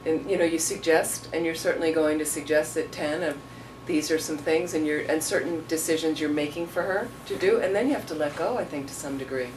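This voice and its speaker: Woman Buddhist teacher, casual and rambling Q&A, low-ish voice, distant mic in a noisy room. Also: brisk. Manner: rambling, storytelling, acts out quotes. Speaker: Buddhist teacher answering questions. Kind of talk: casual dharma talk.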